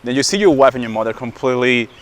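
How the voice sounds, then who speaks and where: A man of middle pitch speaks candidly in an interview, halting often and repeating words as he looks for the next thought. His delivery is plain and conversational. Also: animated, a little hiss or hum. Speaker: interviewee, new father. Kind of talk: casual interview answer.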